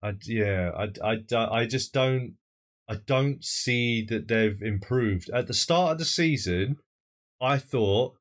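A man's voice: mid-range voice, takes it slowly. A man hosting a football podcast, chatting casually in a jokey, self-mocking way. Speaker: podcast host. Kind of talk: casual chat.

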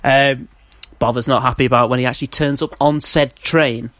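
A man's voice: mid-range voice, fairly even intonation, moderate pace, a bit bright, dry recording. Laughing man, dry sound. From Manchester, England. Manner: laughs often while retelling scenes. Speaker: podcast co-host. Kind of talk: casual film review chat.

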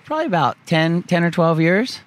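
A man as a podcast guest, chatting in a relaxed, easygoing way. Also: a little high, a little fast. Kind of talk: casual interview chat.

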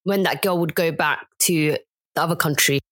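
A woman's voice: sits low, moderate pace, a bit bright, no echo. A woman co-hosting a podcast in casual chat, easygoing and a bit hesitant as she tells stories. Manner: hesitant, easygoing, many fillers. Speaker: podcast co-host.

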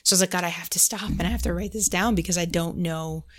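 Her voice is lowish and steady, and she speaks quickly. As host of a casual faith podcast, she tells a story peppered with "like," breaking in to voice her own prayers aloud.

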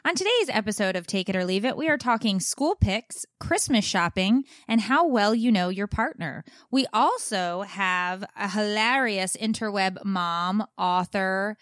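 A woman co-hosting a parenting podcast in casual chat, playful and quick to laugh. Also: medium pitch, animated, a bit bright, no room sound, clean studio sound. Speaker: podcast co-host.

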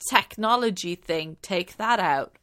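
A woman's voice: medium pitch, unhurried, a bit bright. A woman co-hosting a casual movie review podcast, rambling with lots of "like" and swearing when annoyed. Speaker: podcast co-host.

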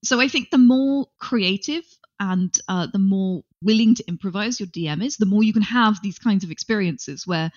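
A woman's voice: mid-range voice, normal speed, few pauses. A woman talking casually in a podcast conversation, chatty and playful. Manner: chatty, animated, playful asides. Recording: slightly dull audio.

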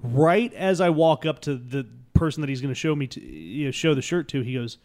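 A man telling a comic story on a podcast, acting out the other people in it and swinging between loud bursts and hushed asides. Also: mid-range voice, lively intonation, brisk, hardly any pauses. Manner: acts out quoted voices, swings loud and soft. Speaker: podcast guest.

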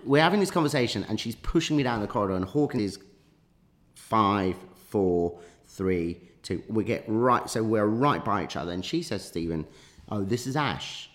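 Male guest, lowish voice, rambling storyteller full of ums and restarts, casual podcast chat. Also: expressive, normal speed, a bit bright. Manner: rambling anecdotal, many fillers and restarts.

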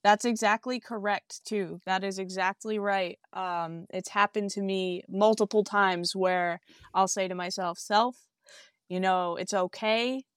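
Earnest woman with a smooth clear voice. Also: medium pitch, fairly even intonation, a little slow, dry recording, clean studio sound. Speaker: reading client. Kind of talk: casual conversation.

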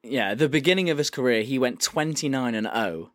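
A man's voice: mid-range voice, expressive, fairly quick, no room sound, clean studio sound. A man hosting a casual podcast, presenting a segment, swearing freely and laughing as he talks. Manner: swears freely, laughs often, reads quotes aloud.

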